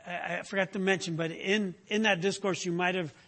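A man preaching a sermon, teaching with rhetorical questions and frequent "right?" check-ins, and rising in pitch when he presses a point. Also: fairly even intonation, brisk, a bit bright.

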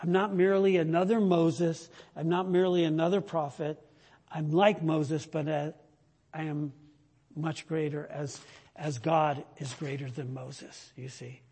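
A man preaching a sermon, slow and emphatic, rising to loud declarations and sinking to near-whispers. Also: fairly high pitch, flat delivery, husky. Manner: slow, emphatic preaching that swells loud then drops to a hush. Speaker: pastor. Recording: long hall reverb.

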